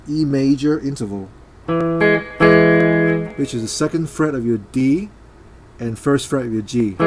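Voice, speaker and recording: A man teaching a guitar part in a casual, hesitant way, with many fillers and beats counted aloud. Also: medium pitch. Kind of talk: casual instructional talk. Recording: loud guitar playing behind. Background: guitar playing.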